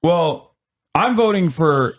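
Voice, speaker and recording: A man hosting a livestream, his voice sitting a bit high for a man. He jokes loosely, laughs easily and keeps chiming in with quick agreement. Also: animated. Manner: joking, laughs often, eager agreeing. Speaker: livestream host. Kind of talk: casual livestream chat.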